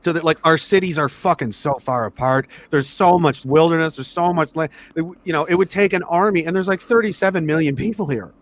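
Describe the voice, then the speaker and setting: A man's voice: on the high side, fairly quick, few pauses. A man from Canada, an army veteran, telling war stories in casual conversation with lots of swearing and rambling restarts. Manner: profane, rambling storyteller.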